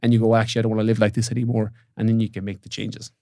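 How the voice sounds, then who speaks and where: A man's voice: lowish voice, little pitch movement, rapid-fire, gravelly, mellow, no echo, clean studio sound. A man speaking as a podcast guest, reflecting thoughtfully and giving advice. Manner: thoughtful, advising. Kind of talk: reflective conversation.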